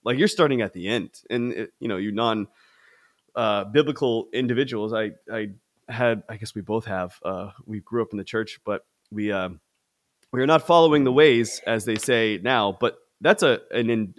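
Young adult man, casual podcast co-host, loose rambling delivery with frequent restarts. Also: lowish voice. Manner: rambling, animated, many restarts. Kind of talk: casual film discussion.

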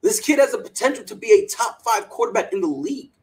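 A man's voice: sits high, fast, low-quality recording. A man hosting a sports podcast, ranting with strong opinions and mocking quotes in a put-on voice. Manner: animated, heated rants with mocking put-on quotes. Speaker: podcast host.

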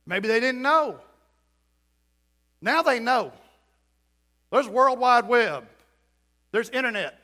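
A man's voice: extremely high pitch, expressive, slow, pauses often, bright, forceful tone. A middle-aged male pastor preaching a storytelling sermon in a church, acting out quotes and building to emphatic points.

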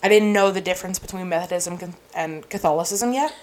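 A woman's voice: on the low side, fast talker. A young woman co-hosting a podcast, telling a long story in a rambling, casual way full of "like" and "um". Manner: rambling, filler-heavy storytelling with lots of "like". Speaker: podcast co-host.

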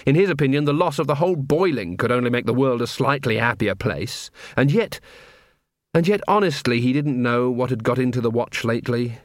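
A man narrating an audiobook with dry, measured storytelling. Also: mid-range voice, no room sound. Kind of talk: scripted narration.

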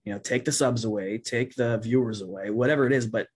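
A man's voice: mid-range voice, fast, husky. A man hosting a casual podcast conversation, speaking earnestly and thoughtfully, hedging his points with fillers. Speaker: podcast host.

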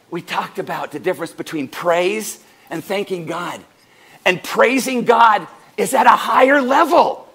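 Male pastor mid-sermon; high, bright voice, playful, acts out short exchanges. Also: husky. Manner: animated, swings up and down in pitch and loudness; jokey, acts out doorstep conversations in little voices. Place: church service.

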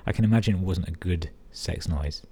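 A man's voice: deep voice, a little fast, dark tone, slightly rough. A young English man hosting a podcast, reading listener emails aloud and cutting in with sarcastic, sweary commentary. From England. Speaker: podcast host.

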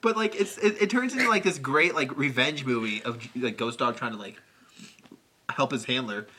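A young man in casual podcast chat, telling a film plot as an animated storyteller who acts out the scenes. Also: medium pitch, normal speed. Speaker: podcast co-host.

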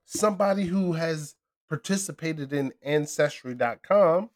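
A man hosting a casual chat with a friend, talking loud, profane and animated, often laughing. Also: fairly high pitch, measured pace. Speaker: podcast host.

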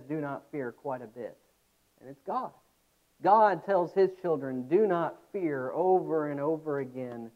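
A man preaching a sermon, earnest, with reflective pauses. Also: fairly high pitch. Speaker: pastor. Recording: tinny phone-like sound.

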